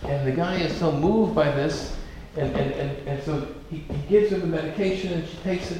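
A man giving a sermon as a rabbi, telling a story with lively, repeated words and restarts. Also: fairly high pitch, normal speed, hardly any pauses. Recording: echoey room from far off, noisy.

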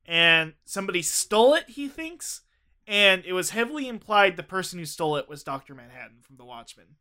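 A man's voice: high-pitched, big pitch swings, brisk, sharp tone. A man co-hosting a casual podcast chat, rambling through banter and laughing often. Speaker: podcast co-host.

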